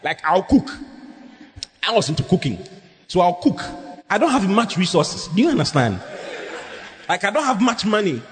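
A man preaching a sermon as pastor, humorous and animated, drawing responses from the congregation. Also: high voice, moderate pace, pauses often. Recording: echoey hall, faint background noise.

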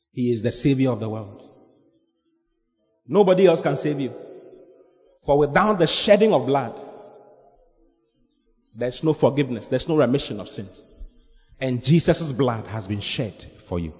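A man preaching an evangelistic sermon, swinging from loud animated shouting to low, earnest scripture reading. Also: in a large hall.

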